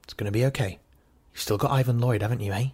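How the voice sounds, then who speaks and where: An actor playing a radio phone-in host who soothes and placates upset callers. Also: male voice, medium pitch, steady tone, fast, a little mellow, husky, close to an everyday voice. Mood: soothing.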